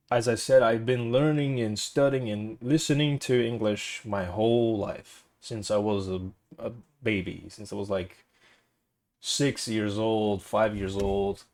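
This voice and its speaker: A man from Brazil talks to his live viewers in accented English learned as a second language. His speech is rambling and hesitant, full of restarts and filler words, set at a middling pitch for a man. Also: darkish tone, no room sound, clean studio sound. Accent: Brazilian Portuguese. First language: Portuguese. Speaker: streamer. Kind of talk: casual chat with stream viewers.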